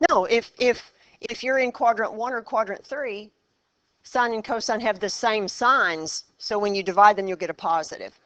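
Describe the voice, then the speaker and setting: Recorded dry, a woman's mid-range, fairly bright voice carries a classroom math lesson. She quizzes her students and leads them step by step through problems, keeping things brisk and encouraging.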